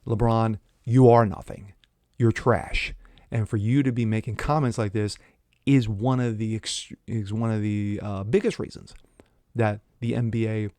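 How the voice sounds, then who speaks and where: A man's voice: fairly low pitch, steady tone, moderate pace, mellow, no echo. A man hosting an opinion commentary, reading news quotes aloud and breaking in with sarcastic, mocking asides. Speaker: commentary channel host.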